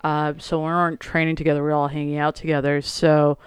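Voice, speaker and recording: A man talking as a guest in a relaxed casual chat, laughing easily and swearing casually. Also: on the high side, fast talker, smooth, no room sound.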